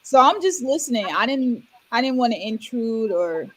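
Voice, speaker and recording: A woman co-hosting a podcast, telling a story in relaxed, chatty casual talk. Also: a little high, moderate pace, rough recording. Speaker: podcast co-host. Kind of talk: casual chat.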